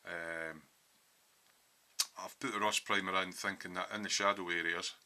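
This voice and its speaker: A man's voice: sits low, steady tone, normal speed, bright, forceful tone. A man in a home hobby workshop, casually walking through his model build with lots of ums as he explains his thinking.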